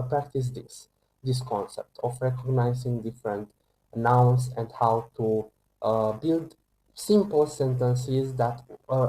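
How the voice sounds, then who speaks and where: Slow, halting male French tutor. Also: medium pitch, mellow, a little hiss or hum, low-quality recording. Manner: slow, hesitant, many fillers and restarts. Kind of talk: online language lesson.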